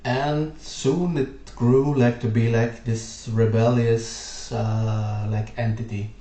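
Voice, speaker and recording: Slow-talking man explaining history. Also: mid-range voice, fairly even intonation, warm tone. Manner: rambling, lots of fillers. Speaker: video host. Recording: roomy echo.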